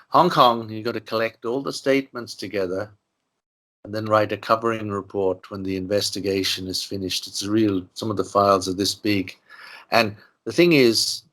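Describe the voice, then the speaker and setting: An older Irishman being interviewed tells long, rambling stories packed with "you know" asides. His voice sits on the low side with a fairly bright tone, and the mood is a relaxed storytelling interview.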